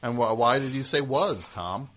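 Teasing callers and drifting through long stories, a man runs a call-in radio show with a medium-pitched, animated, somewhat bright voice. The exchanges are fast, and the sound is a radio broadcast.

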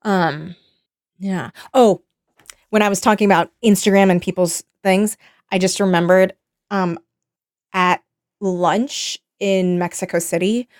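A woman's voice: medium pitch, steady tone, a little slow, long pauses, no room sound, clean studio sound. Rambling, profane podcast woman. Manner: rambling, profane, lots of fillers. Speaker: podcast co-host. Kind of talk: casual chat, storytelling.

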